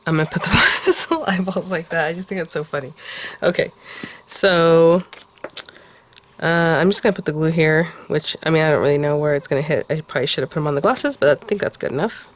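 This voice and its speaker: A woman hosting a card-making tutorial, talking casually and often cooing softly over how cute the pieces are. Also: low-pitched, fairly quick, slight background noise. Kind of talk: casual crafting tutorial talk.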